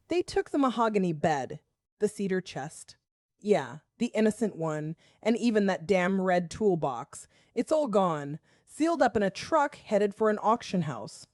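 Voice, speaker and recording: A woman in her forties from the Southern US, a school principal telling her own story in measured, wry, confessional first-person narration. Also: medium pitch, a little mellow, no room sound.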